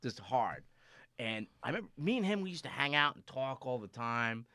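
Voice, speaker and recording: A man guest in casual chat, telling stories with swearing and loud acted-out quotes. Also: mid-range voice, normal speed, dry recording. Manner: animated storyteller, swearing, acting out quotes loudly.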